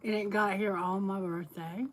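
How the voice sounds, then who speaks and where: A woman's voice: medium pitch, steady tone, normal speed, slight background noise, rough recording. A woman tarot reader talks to her live-stream viewers in a loose, candid way. Her voice sits in an ordinary middle range and she breaks into laughter often. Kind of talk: casual live-stream chat.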